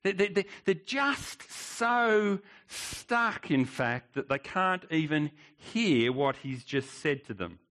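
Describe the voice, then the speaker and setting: Animated, slow-preaching pastor. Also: male voice, fairly high pitch. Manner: emphatic preaching with rhetorical questions and repeated words. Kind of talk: sermon.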